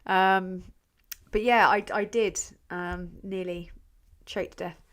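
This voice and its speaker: On her live stream, a woman from England who hosts the channel chats loosely and slowly in replies to viewer comments, her middle-pitched voice fairly even in intonation. She rambles, leaves sentences unfinished, swears casually, and mocks herself.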